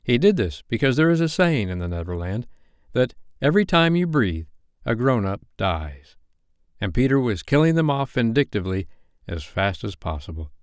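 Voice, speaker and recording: A man reading a classic novel aloud as a bedtime story, narrating in an expressive, gently wry way. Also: mid-range voice, normal speed, no room sound, studio quality.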